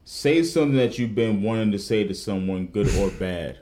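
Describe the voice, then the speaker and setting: Laid-back man with a lively voice. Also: on the low side, moderate pace. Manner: laid-back, swears a lot, laughs easily. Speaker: podcast host. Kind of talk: casual chat.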